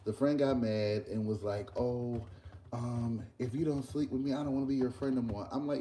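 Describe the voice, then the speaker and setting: A young man, chatting casually in a vlog while cooking breakfast at work, telling an animated story. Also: medium pitch, a little fast, slight background noise. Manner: animated ranting storyteller, loose and conversational. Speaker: vlogger and podcast host. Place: workplace kitchen.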